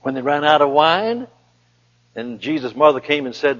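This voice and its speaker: A man preaching a sermon and reading scripture, repeating key phrases and slowing down to stress them. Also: on the high side, animated, a bit bright. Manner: emphatic, repeats key phrases and slows down for emphasis. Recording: dull lo-fi recording in a reverberant hall.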